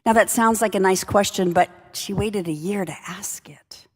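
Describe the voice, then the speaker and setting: A woman's voice: medium pitch, moderate pace. A woman leadership speaker telling a workplace story in a wry, conversational way. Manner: conversational, wry anecdotal delivery. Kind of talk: storytelling talk. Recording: long reverb of a large hall.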